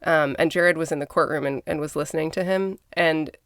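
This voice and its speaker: A woman's voice: low-pitched, steady tone, a little fast, no room sound, clean studio sound. A woman from Minnesota co-hosting a podcast, telling a true-crime story casually with blunt, conversational asides. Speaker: podcast co-host.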